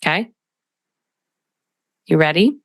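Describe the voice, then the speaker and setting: Brief: middle-aged woman, podcast coach, low-ish voice, emphatic and direct, dry close mic. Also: expressive, slow pace, no room sound. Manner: emphatic, direct, conversational, acts out quoted voices. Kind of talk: solo podcast talk.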